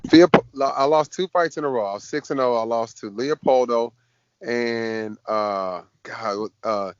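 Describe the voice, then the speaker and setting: A man, a fighter being interviewed, telling stories in a casual, lively way. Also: medium pitch, a little slow, smooth, no room sound. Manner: lively storyteller, acts out quoted voices. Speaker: MMA fighter guest. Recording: dull dry podcast audio.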